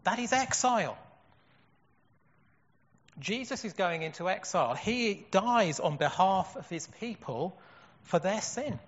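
A man's voice: high voice, lively intonation, measured pace, long pauses. A man preaching a sermon in an earnest way, asking rhetorical questions. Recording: dull echoey hall.

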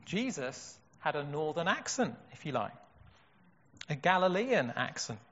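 A man's voice: a little high, sing-song, a little slow, a bit bright, slight background noise. A man preaching a sermon in an earnest way, asking rhetorical questions. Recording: dull echoey hall.

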